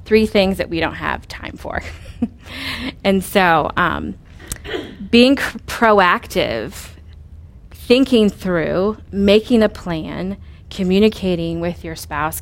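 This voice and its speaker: Earnest woman coaching on parenting. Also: medium pitch. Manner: earnest and coaching, with rhetorical questions and fillers. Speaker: parenting speaker. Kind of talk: instructive talk on parenting.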